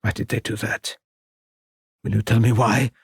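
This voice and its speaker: A man's voice: on the low side, little pitch movement, normal speed, gravelly, slightly rough, no room sound, clean studio sound, exaggerated voice. A man reading the part of an aging, reclusive French painter who is guarded and grieving, speaking in a muttering way. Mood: anguished. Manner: muttering, guarded, then anguished.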